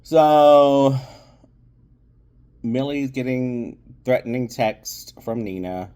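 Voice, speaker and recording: Slow, rambling man reviewing a movie. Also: medium pitch, dark tone, clear, resonant tone. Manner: rambling, many fillers and restarts. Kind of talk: casual spoken review.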